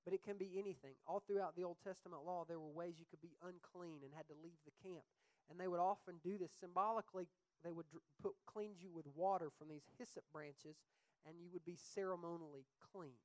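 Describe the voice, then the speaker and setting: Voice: mid-range voice, a little mellow, no echo, poor audio. A pastor preaching an earnest sermon, often repeating words and restarting phrases. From United States.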